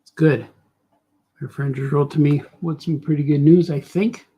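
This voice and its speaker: Middle-aged male cartoonist, somewhat high and husky, loose muttering live-stream chat. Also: steady tone, normal speed, warm tone, highs cut off. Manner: mutters to himself, trails off, talks to viewers. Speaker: cartoonist livestreaming while drawing. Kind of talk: casual live-stream chat while drawing.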